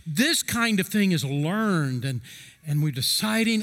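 A middle-aged male pastor delivers a sermon in an earnest, emphatic way, slowing down to press each key phrase. His voice sits high for a man. The sound rings with the long reverb of a church hall. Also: expressive, fairly bright tone. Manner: earnest, emphatic preaching with slow stressed phrases.

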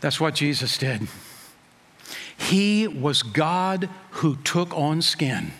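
Man, pastor, sermon, high-pitched, emphatic, long hall reverb. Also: lively intonation, fairly bright tone. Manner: emphatic preaching with slowed, stressed phrases and rhetorical questions.

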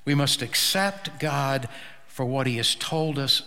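Slow, bright-voiced preaching man. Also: mid-range voice, lively intonation, big-room sound. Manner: slow, emphatic preaching with dramatic pauses. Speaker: pastor. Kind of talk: sermon.

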